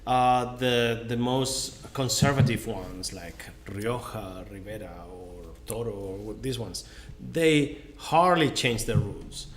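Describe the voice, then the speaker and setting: A man's voice: medium pitch, lively intonation, takes it slowly, hardly any pauses. Hesitant man. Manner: hesitant, searching for words with many uhs. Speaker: wine tasting co-host. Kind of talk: casual online tasting chat.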